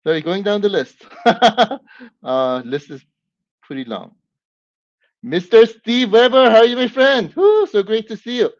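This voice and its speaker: A man hosting a live stream, whooping and greeting viewers by name with lots of excitement. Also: high-pitched, measured pace, dry recording. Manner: hyped, whooping, warm greetings to chat. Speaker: livestream host. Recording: dull lo-fi stream audio.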